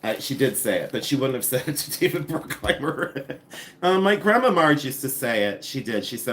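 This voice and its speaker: An excitable man chats through a live stream, addressing his viewers directly. His voice sits at an ordinary middle pitch, and he slows down carefully when explaining details. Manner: chatty and excitable, talks to the chat. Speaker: live-stream reseller host. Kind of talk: casual live-stream chat.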